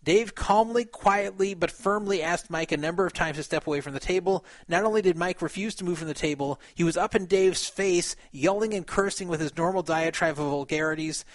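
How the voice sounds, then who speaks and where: A man's voice: sits high, fairly quick, hardly any pauses, no echo. A man on a podcast who reads a written account aloud and comments on it in casual chat, with fillers and a few laughs.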